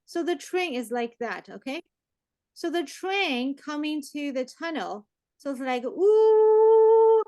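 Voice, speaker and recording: A woman teaching an online math class, lively and checking on her students with frequent questions. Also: high-pitched, unhurried, no room sound. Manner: lively, mixes English and Chinese, asks the class questions.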